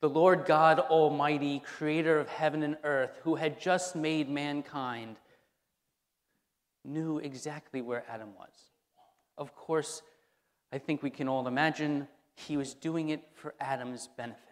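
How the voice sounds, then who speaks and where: Man, pastor, sermon, conversational, repeats phrases for emphasis, slightly high voice, long church reverb. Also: fairly even intonation, measured pace. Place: church sanctuary.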